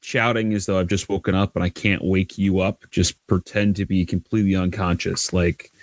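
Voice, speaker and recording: A man's voice: sits low, little pitch movement, moderate pace, no room sound. A man playing in a tabletop role-playing game, laying out his plan with lots of hesitant restarts. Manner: hesitant, many restarts, acts out shouted lines. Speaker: player. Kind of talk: tabletop role-play, in and out of character.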